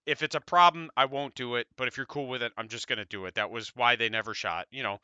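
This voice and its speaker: A man's voice: medium pitch, fast, pushed and bright, smooth, dry recording, muffled recording. A man with an American accent, co-hosting a podcast and chatting casually in a rambling, laid-back way, swearing now and then. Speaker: podcast co-host. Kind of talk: casual tabletop wargame discussion.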